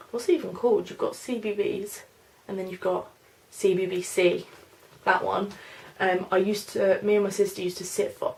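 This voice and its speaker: Vlogger, woman in her twenties, London-Norfolk accent; mid-pitched with a bit of fry, rambling and unsure in a casual question-and-answer chat. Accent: mix of London and Norfolk English. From London, England. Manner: rambling, hesitant, many fillers and "I don't know". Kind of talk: casual Q&A vlog, reading questions aloud.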